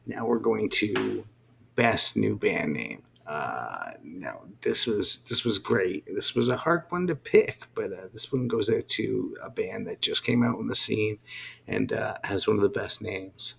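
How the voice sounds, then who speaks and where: Gravelly low-voiced host. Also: male voice, animated, measured pace, fairly bright tone. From Southern Ontario. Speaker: podcast co-host. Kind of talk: casual awards banter.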